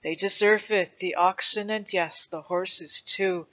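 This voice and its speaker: Storybook grandfather, old and patient, voiced by the reader, slow gentle telling on a dull recording. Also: mid-range voice, fairly even intonation. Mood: tender. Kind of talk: storybook reading.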